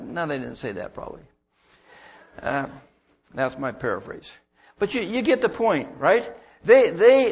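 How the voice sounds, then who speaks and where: A man's voice: high-pitched, big pitch swings, moderate pace, husky, highs cut off. A man preaching a sermon in a conversational way, repeating words as he goes and bursting into emphatic lines. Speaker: pastor.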